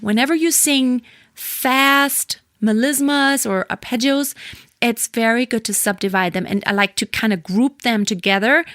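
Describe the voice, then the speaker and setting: A woman's voice: on the high side, a bit bright, dry recording, studio quality. A woman giving a singing lesson, explaining rhythm and demonstrating with sung syllables and counted beats. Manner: counts and sings syllables to a metronome between explanations. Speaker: singing teacher. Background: metronome clicks.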